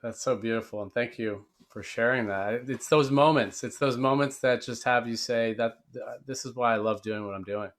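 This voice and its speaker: A man of middle pitch hosting a relaxed interview chat. He speaks in supportive, affirming replies to his guest. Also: moderate pace, hardly any pauses. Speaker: podcast host.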